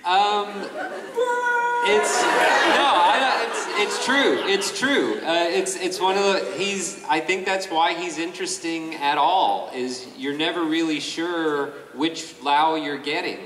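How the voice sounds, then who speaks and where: A male voice actor on a convention panel, talking in a halting, self-deprecating way with many restarts. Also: a little high. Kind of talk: panel talk. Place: large convention hall. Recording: echoey hall from far off, crowd noise.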